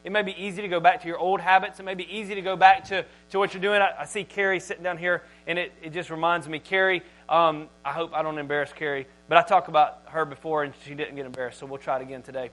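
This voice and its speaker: A man preaching a sermon to a congregation, emphatic and animated, swinging between loud and quiet. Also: a little high, quick pace, hardly any pauses, rough recording. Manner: animated, emphatic delivery with big swings in loudness. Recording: mains hum in background.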